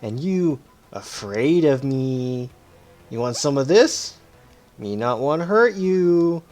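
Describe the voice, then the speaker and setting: Casting: an excitable feral boy with broken, childlike grammar, voiced high and bouncy in a game read-aloud, as a man puts him on. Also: slow. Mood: wary.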